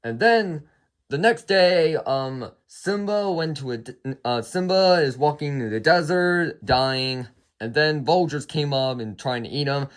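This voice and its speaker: Rambling higher-voiced guy reviewing a movie. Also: a little slow. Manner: rambling plot retelling, chains of "and then"; frequent restarts and apologies.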